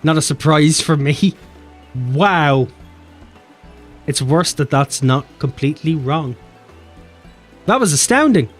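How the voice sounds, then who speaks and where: A man's voice: a little high, steady tone, slow, pauses often, soft background music. An Irish man streaming a game, joking, swearing and reading the game's lines aloud. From Ireland. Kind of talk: casual game stream chat.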